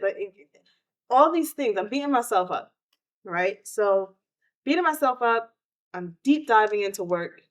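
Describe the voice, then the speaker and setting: A woman, hosting a podcast and telling a personal story of grief in an emotional, animated way. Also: medium pitch, a little slow, long pauses. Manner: emotional, animated retelling with quoted outbursts. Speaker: podcast host.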